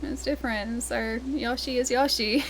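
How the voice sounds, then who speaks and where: A little high and fairly even in intonation, her unhurried voice comes with a little hiss or hum. She's an Australian livestreamer gaming live, chatting casually, laughing often and reading chat out loud to respond.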